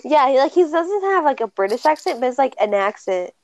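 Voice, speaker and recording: A woman's voice: sits high, sing-song, fairly quick, dry recording. A woman in casual chat who rambles, laughs and trails off mid-sentence.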